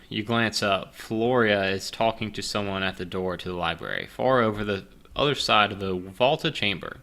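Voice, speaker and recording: A man's voice: lowish voice, moderate pace, vocal fry, hardly any pauses, bright, forceful tone. A man running and reading a solo tabletop gamebook, rambling and self-deprecating with many fillers, while drinking. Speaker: game master playing a solo gamebook. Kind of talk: casual chat and reading game narration.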